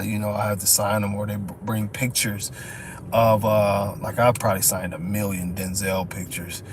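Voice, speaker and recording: A man, telling a story in casual live-stream chat, profane and quick to laugh. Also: on the low side, slight background noise. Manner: loose, profane, laughs often, lots of "you know what I'm saying". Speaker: dog show judge and breeder telling stories.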